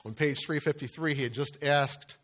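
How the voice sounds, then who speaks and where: An older man gives a sermon as if chatting with his listeners, stopping and restarting his sentences. His voice sinks soft on the sad parts and rises high on the questions he asks. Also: moderate pace. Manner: conversational storytelling with frequent fillers and restarts. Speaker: preacher.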